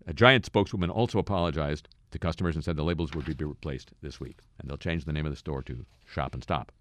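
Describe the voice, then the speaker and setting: Low-voiced wry radio host. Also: male voice, fast talker. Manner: wry, deadpan asides between news items. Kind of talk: satirical news commentary.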